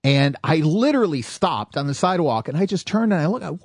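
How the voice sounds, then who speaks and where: Host in his 40s, animated storyteller, bright lively delivery, close dry mic. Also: fairly high pitch, a little fast, dry recording. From Michigan. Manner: animated storyteller, acts out quotes. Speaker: podcast host. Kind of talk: casual podcast chat.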